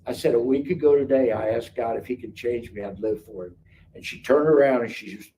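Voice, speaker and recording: A middle-aged man on a live stream, telling his life story in casual, animated speech and acting out the people in it. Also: mid-range voice, a little fast. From Kansas City area. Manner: animated, acts out quoted dialogue. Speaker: guest telling his testimony. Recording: distant mic with faint background noise.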